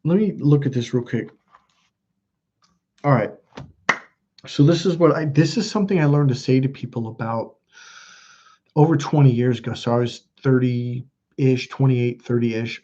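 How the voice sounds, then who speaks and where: A self-help coach in his fifties talks to camera in a rambling, emphatic, off-the-cuff monologue, often restarting his sentences. His medium-pitched voice is mellow and husky, and the recording's highs are cut off.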